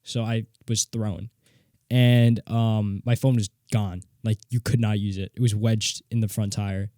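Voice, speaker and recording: Rich: a young man recounts a story on his solo podcast, rambling and animated, cursing freely. His voice is mellow and warm. The sound is dry and close, as from a home studio mic. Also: on the low side, measured pace, dry recording. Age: young adult. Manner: rambling, animated, swears casually. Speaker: podcast host. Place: home studio with guitar and mixing board.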